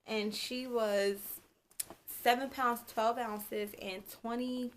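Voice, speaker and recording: A woman's voice: a little high, fairly even intonation, takes it slowly. A young woman vlogging at home, telling a story casually, rambling, backtracking and apologizing as she goes. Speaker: vlogger, new mother.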